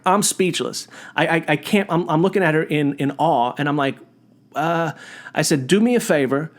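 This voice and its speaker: A man hosting a podcast, telling a personal story as a monologue, animated and often restarting his sentences. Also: fairly high pitch, moderate pace. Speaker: podcast host.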